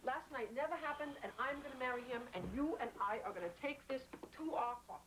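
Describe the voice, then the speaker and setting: A woman's voice: high-pitched, fast, lightly acted. A woman playing a bossy Brooklyn widow. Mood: insistent. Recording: noisy old film clip.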